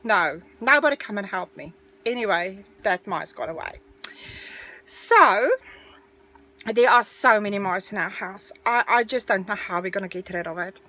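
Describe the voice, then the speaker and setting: A middle-aged woman telling a personal story in a casual, animated storytelling way. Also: medium pitch, normal speed. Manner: animated, breathless storytelling, dramatic retelling.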